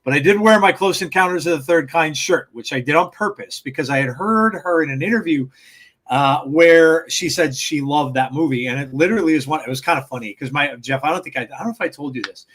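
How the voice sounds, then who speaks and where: Man, high-pitched, casual podcast chat, rambling, lots of fillers and restarts, laughs at his own stories. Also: lively intonation, brisk, fairly bright tone. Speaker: podcast co-host.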